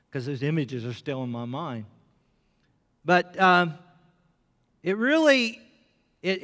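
A man's voice: mid-range voice, a bit bright. A pastor in his fifties preaching with an impassioned, emphatic delivery. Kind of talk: sermon. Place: church sanctuary. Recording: long hall reverb.

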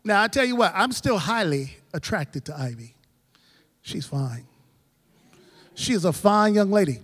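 A middle-aged male pastor with a high voice delivers a sermon in a church sanctuary. His preaching cadence climbs and drops, swinging from loud calls to quiet asides, and the sound rings with a long hall reverb. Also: animated, measured pace, breathy edge.

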